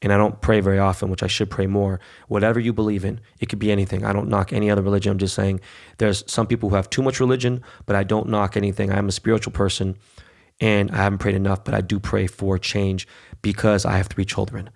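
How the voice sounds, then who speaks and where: A man in his forties hosting a podcast in casual chat, an animated storyteller who swears freely and mimics others. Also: fairly low pitch, fast, gravelly. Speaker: podcast host.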